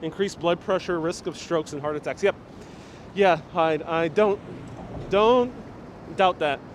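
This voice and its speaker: A young man with a New York accent and a slightly high, slightly slow voice walks a city street on a casual livestream, joking and reading viewer comments aloud. Street traffic is loud behind him, picked up by his wireless clip-on mic.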